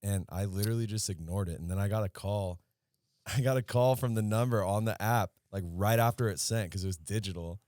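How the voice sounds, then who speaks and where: Podcast co-host, male, very deep, dry studio sound, loose rambling storyteller. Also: brisk, darkish tone, dry recording. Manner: rambling storyteller, swears freely. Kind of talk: casual chat.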